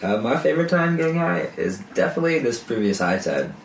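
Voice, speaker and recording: A man slowly recounting a story in casual podcast chat. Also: on the high side, sing-song. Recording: roomy, distant mic with faint noise.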